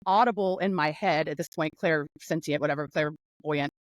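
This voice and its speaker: Animated woman from North Carolina. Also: sits low, normal speed, dry recording, poor audio. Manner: animated, laughing, rambling storytelling. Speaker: guest. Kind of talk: casual conversational interview. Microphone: video call.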